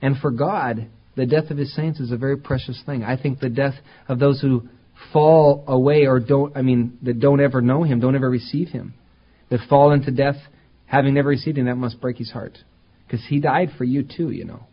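A man preaching a conversational sermon as pastor, talking plainly and then climbing to emphatic, louder peaks. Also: medium pitch, fairly even intonation, moderate pace, slightly rough, highs cut off.

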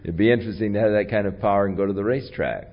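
A man preaching a sermon in a conversational storytelling way, with a voice that carries and big rises in pitch and loudness. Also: very fast, dull audio, slight background noise. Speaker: pastor.

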